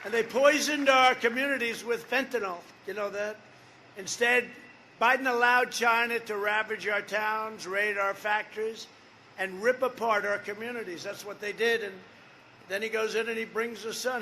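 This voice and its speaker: A man's voice: high-pitched, normal speed, sharp tone, a little hiss or hum. A man in his seventies giving a campaign rally speech, rambling and repetitive, with off-script asides to the crowd. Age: 70s. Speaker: political candidate.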